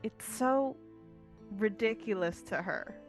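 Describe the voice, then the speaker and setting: A woman's voice: mid-range voice, slow pace, faint music behind. Hesitant woman playing a tabletop game. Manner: thoughtful, hesitant, lots of fillers. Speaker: player. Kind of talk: tabletop role-play chat.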